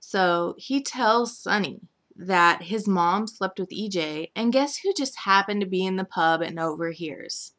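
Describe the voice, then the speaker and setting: A chatty woman with a bright, forceful voice talks through her weekly recap. She rambles loosely, filling every gap with "like" and "um". Her pitch sits right in the middle. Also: a little slow, few pauses. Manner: rambling, filler-heavy with frequent "like" and "um". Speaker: soap opera recap vlogger.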